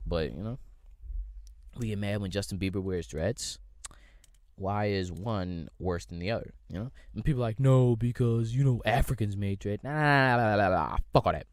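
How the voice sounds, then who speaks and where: A man's voice: deep voice, no echo. A young man from the United States hosting a podcast, ranting in a casual, rambling, slangy way with lots of swearing. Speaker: podcast host. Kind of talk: casual solo rant.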